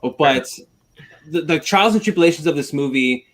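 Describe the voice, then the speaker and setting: Casting: eager podcast panelist, man with a somewhat high voice who gushes and rambles. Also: animated, normal speed. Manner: enthusiastic, rambling, repeats himself. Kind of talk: casual film discussion.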